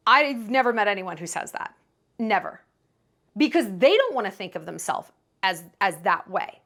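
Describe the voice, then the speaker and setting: A young adult woman vlogger gives dating advice to camera in casual commentary, emphatic and dramatic, slipping into quoted voices. Her mid-range voice is a bit bright, with big pitch swings and a moderate pace.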